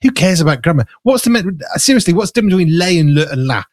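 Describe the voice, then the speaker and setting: Man, casual storytelling, slightly high voice, dry close mic. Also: very animated, very fast, dry recording. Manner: chatty storyteller, playful and self-mocking. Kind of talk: casual chat.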